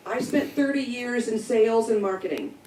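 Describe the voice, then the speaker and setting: A woman's voice: on the high side, moderate pace, dark tone. Midwestern woman speaking far from the mic. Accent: Midwestern American. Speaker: guest teacher. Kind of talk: panel talk. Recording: roomy, distant, faint noise.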